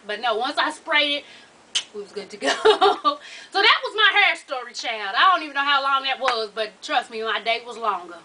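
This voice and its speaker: Young woman vlogger, bright high voice, lively and profane storyteller, a bit away from the mic. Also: moderate pace, a little hiss or hum. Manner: animated, profane, laughs through her stories. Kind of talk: casual storytelling vlog. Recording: voice from a distance off the mic.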